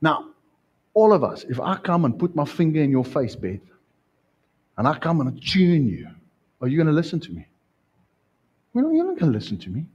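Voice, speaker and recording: A man preaching a sermon as a pastor in a church, animated, asking the congregation questions and acting out scenes. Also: on the high side, normal speed, long pauses, breathy edge, muffled recording.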